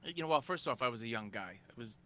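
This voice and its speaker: A man's voice: mid-range voice, fast talker. A man telling a wild story in casual chat, swearing and acting out other people's lines. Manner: animated, profane, acts out other people's lines. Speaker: guest.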